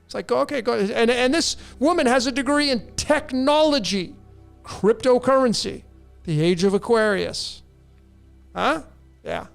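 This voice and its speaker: Male host, high gravelly voice, rambling animated monologue, faint music underneath. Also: a little slow. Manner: rambling, animated, with restarts and laughs. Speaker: host answering listener questions. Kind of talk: casual monologue. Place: in Mexico.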